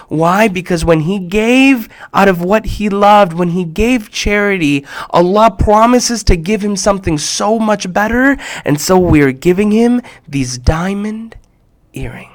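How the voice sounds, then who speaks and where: Man, storyteller, high-pitched, expressive, shifts between loud and hushed. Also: a little slow. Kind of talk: animated personal storytelling for kids.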